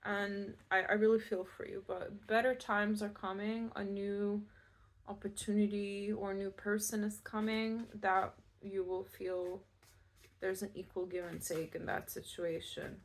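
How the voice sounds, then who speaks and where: A woman's voice: medium pitch, level tone, a little slow. A Scottish woman giving a casual pick-a-card tarot reading, chatty and reassuring, with many fillers and restarts. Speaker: tarot reader.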